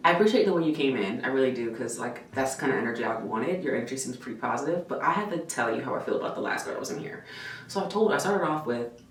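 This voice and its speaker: A woman with a low voice tells a casual vlog story in an animated, expressive way. She swears freely and fills her talk with "like." The sound is roomy and echoey, picked up from a distance, with faint noise underneath. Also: fast. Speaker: vlogger and nurse.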